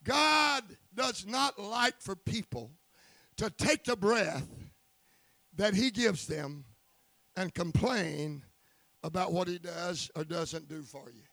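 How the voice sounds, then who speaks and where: A male preacher with a very high, gravelly voice and a bright, forceful edge, delivering a fervent sermon. He swings between quiet asides and shouting and calls out for amens. The sound is close and dry. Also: slow, no room sound.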